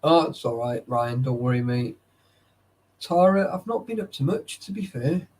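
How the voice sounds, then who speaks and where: A man's voice: mid-range voice, lively intonation, moderate pace, darkish tone. A young man chatting casually with live viewers, tired and sleepy, swearing often and greeting chatters by name. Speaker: livestreamer.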